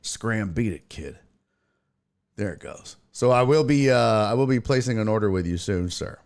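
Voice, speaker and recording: A man's voice: on the low side, lively intonation, fairly quick, gravelly, a little mellow, clean tone. A man hosting a live stream show, chatting casually and profanely and greeting viewers by name. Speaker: podcast host on a live stream. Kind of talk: casual chat, reading out live chat.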